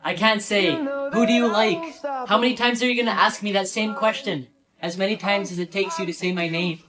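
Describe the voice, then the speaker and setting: Flat text-to-speech storytime narrator. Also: medium pitch, fairly quick, a crowd in the background. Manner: flat, even delivery of jokes and dialogue.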